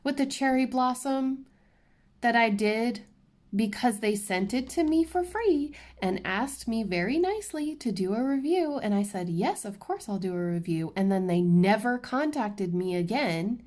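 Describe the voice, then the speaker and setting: A woman vlogging from her crafting table at home, talking candidly and ranting to her viewers with quick restarts and asides. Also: a little high, animated, darkish tone. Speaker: diamond painting YouTuber. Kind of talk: casual chatty vlog while crafting.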